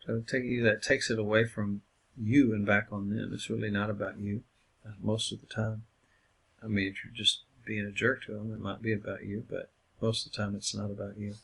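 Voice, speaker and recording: A man's voice: fairly low pitch, level tone, a little fast, gravelly, a bit bright, husky. A man teaching a counseling class in a casual, conversational lecture style, with lots of filler words. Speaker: counseling instructor. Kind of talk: recorded lecture.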